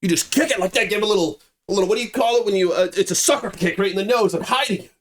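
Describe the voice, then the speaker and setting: A man telling a true story in a casual, animated way, swearing and acting out the scenes. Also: high-pitched, very fast.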